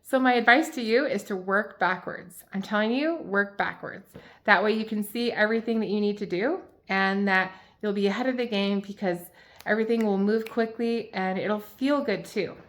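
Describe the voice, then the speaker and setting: A woman who owns a small business, chatting to camera in a lively, emphatic, exasperated way as she shares advice from her mistakes. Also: medium pitch, moderate pace. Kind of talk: casual advice vlog.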